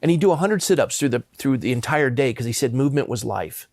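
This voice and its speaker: A man's voice: mid-range voice, animated, fast talker, darkish tone, no room sound, studio quality. A man in his fifties, a pastor from Southern California, earnestly telling personal stories in an interview. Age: 50s. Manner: earnest, impassioned.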